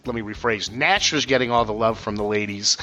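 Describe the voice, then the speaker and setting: A man's voice: on the low side, brisk, pushed and bright. A man co-hosting a casual podcast chat, a comedian who tells self-deprecating stories with a joking manner. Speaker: co-host, comedian. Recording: dull lo-fi audio with faint music.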